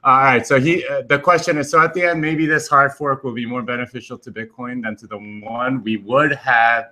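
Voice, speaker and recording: A man's voice: medium pitch, fairly even intonation, a little fast, sharp tone. A man on a remote livestream panel, chatting casually and thinking aloud with many hesitations.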